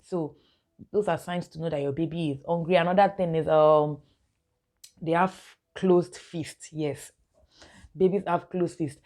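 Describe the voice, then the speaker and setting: A woman's voice: low voice, fairly even intonation, measured pace, a little mellow. A young woman, a mother giving casual baby-care tips to her viewers and calling them guys. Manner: chatty, keeps addressing viewers as guys, laughs often. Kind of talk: casual instructional vlog.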